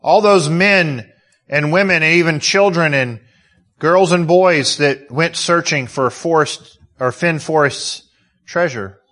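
A man's voice: a little high, takes it slowly, a bit bright. A man preaching a sermon, emotional and full of rhetorical questions. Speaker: pastor.

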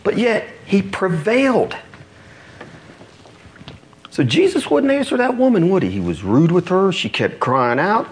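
Middle-aged male pastor, animated storyteller, somewhat high voice with a wide range. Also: a little slow, pauses often, slight background noise. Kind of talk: sermon.

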